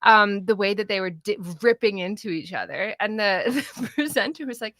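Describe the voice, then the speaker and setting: Lively woman, bright dry voice. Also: mid-range voice, moderate pace, no room sound. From Canada. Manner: animated, laughs often, mimics people she describes. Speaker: political commentator. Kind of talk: casual political discussion.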